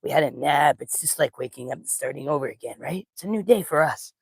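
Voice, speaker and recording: A woman's voice: low voice, animated, quick pace, creaky, breathy edge, no echo, studio quality, exaggerated voice. A woman voicing a happy big male dog. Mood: cheerful. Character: contented male dog explaining his day.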